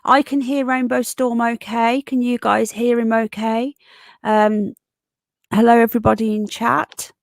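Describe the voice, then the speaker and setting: A woman's voice: on the high side, level tone, a little slow, gravelly, no room sound. A woman hosting a casual live stream, chatty and affectionate as she greets viewers one by one.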